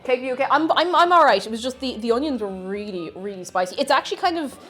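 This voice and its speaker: Young woman, Tipperary Irish accent, chatty and giggly, bouncy pitch, cooking stream, faint background music. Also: animated, fast. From Tipperary, Ireland. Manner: chatty, giggly, greets chat warmly. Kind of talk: casual cooking stream chat.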